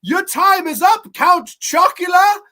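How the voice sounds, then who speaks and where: A man voicing a brash young female London criminal, shrill and crude, in a mock British accent that slips toward Australian. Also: lively intonation, slow, sharp tone, heavily acted. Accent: mock British, sounding half Australian.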